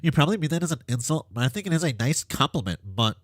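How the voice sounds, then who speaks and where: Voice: medium pitch, very animated, quick pace, no echo, clean studio sound, pitched above the performer's own voice. A reader doing an easygoing teenage boy. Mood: friendly. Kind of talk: reading comic dialogue aloud.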